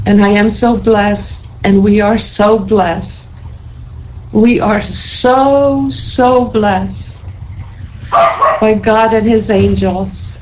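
A woman's voice: medium pitch, darkish tone, lo-fi sound, a little hiss or hum. A woman sharing an emotional spiritual testimony in a group, fervent and tearful with joy, repeating her thanks and blessings.

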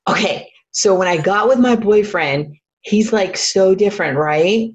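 A woman earnestly sharing a personal realization with a group, speaking in an excitable, heartfelt way. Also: medium pitch, unhurried. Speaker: group participant. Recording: dull lo-fi sound.

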